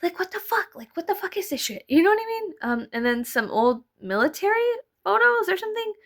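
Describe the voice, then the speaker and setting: A woman's voice: extremely high pitch, big pitch swings, a little fast, fairly bright tone. A young adult woman narrating a casual vlog voice-over, rambling, laughing often and swearing offhandedly. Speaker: vlogger. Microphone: voice-over mic.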